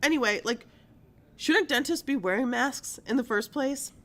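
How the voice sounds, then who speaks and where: A woman's voice: high voice, moderate pace. A woman hosting a live-streamed news show, talking casually and animatedly with lots of fillers and laughs. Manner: chatty and animated, full of likes and laughs.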